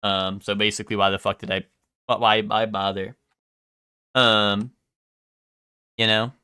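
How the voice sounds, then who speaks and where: A young male streamer talks to his chat in a bright, crisp voice, rambling and swearing as he goes. The sound is dry and close. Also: fairly low pitch, little pitch movement, measured pace, dry recording. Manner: rambling, swears a lot, full of ums. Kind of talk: casual live-stream chat.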